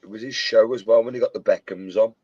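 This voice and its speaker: Low husky British man telling jokes. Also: steady tone, fast talker, a little mellow, no room sound, muffled recording. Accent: British English. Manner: jokey storyteller who quotes comedy films. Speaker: co-host chatting while model making. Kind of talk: casual chat.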